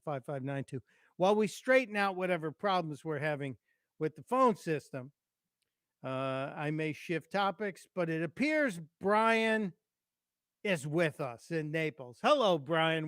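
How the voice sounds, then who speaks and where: A middle-aged man filling in as host of a call-in radio show, chatty and quick to laugh, apologizing for technical glitches. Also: fairly high pitch, no echo, studio quality. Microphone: studio microphone.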